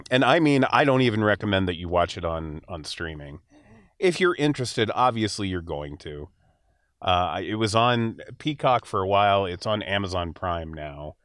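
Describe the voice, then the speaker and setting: A man hosting a movie podcast talks frankly about films he disliked. His pitch moves a lot as he talks. The sound is dry and close to the mic. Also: a bit bright, dry recording. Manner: opinionated, frank, with fillers. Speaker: podcast host. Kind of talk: casual movie review chat.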